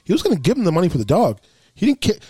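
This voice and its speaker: A man's voice: sits high, huge pitch swings, racing, dark tone, breathy edge, dry recording. Emphatic man chatting, dry sound. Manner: emphatic, swears, quotes characters. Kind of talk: casual movie review chat.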